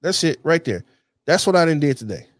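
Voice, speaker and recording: A man's voice: fairly high pitch, big pitch swings, fairly quick, no room sound. A man hosting his own show, talking casually and bluntly to camera with heavy profanity and a constant "you know what I'm saying". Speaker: podcast host.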